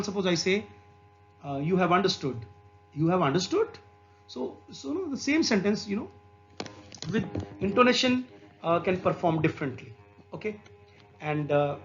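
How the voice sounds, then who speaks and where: A man lecturing with an Indian English accent, explaining slowly and repeating examples aloud, with frequent "okay". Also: sits high. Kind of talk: exam-prep lecture. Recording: slightly dull lo-fi recording with faint music.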